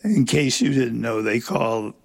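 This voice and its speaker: An older man with a gravelly, creaky voice hosts a jazz radio program. He back-announces tracks in an unhurried, chatty way and drifts into dry, humorous asides. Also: medium pitch, animated. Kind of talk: relaxed on-air back-announcing.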